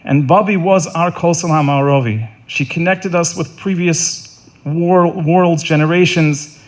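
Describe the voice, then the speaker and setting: A middle-aged man delivering a funeral eulogy in an earnest, halting way, often repeating words and restarting. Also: fairly high pitch. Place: funeral service.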